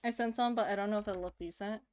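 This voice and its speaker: Talking fast in a steady, medium-pitched voice, a woman in her 30s draws on stream and chats loosely with her audience, giggling and getting excited about anything cute.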